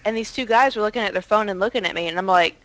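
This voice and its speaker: Young female guest, mid-pitched, animated anecdote teller, dry close recording. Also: very fast, dry recording. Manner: animated storytelling with acted-out quotes. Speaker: podcast guest. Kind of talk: casual chat.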